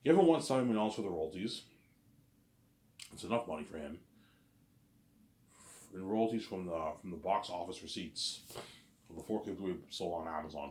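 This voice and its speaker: A man rambling on in a casual monologue, repeating and restarting his phrases. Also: low-pitched. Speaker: vlogger. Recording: echoey room.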